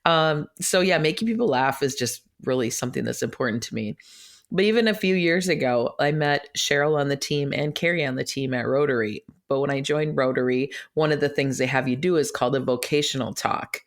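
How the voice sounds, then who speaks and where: A woman's voice: extremely low pitch, fairly quick. A middle-aged woman hosting a podcast, telling a personal story in a chatty, emotional way, laughing often and acting out her own quoted words, recorded in an office. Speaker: podcast host.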